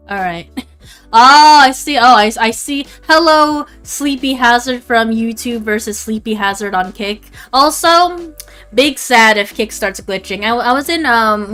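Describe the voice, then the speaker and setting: A woman's voice: a little high, fairly bright tone. A young adult woman chatting casually on a livestream, rambling and swearing freely. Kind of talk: casual stream chat.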